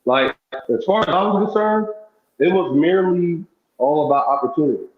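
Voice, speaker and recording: A man's voice: fairly high pitch, lively intonation, normal speed, a little hiss or hum. A man who is a guest on a talk show, speaking in a frank, laid-back, repetitive way. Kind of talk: casual chat. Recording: echoey, muffled room sound.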